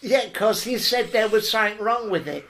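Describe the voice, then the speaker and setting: A man co-hosting a podcast, dryly feeding a comic story and chiming in with quick agreement. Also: high voice, expressive, fairly bright tone, a little hiss or hum. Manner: dry, egging the story on with quick "yeah"s. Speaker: podcast co-host.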